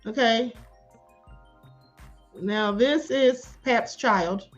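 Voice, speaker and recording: A woman hosting a live stream, reading viewer comments and commenting in a sassy, animated way, calling people beloved and honey. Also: on the high side, drawn-out words, dull audio, soft background music.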